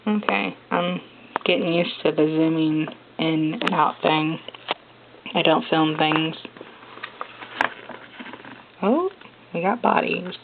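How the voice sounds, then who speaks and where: A young woman filming an unboxing vlog one-handed at home, chatty and excitable, often gasping over what she finds. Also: on the low side. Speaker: vlogger unboxing a gift. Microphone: handheld phone camera. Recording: tinny phone-like audio with noise.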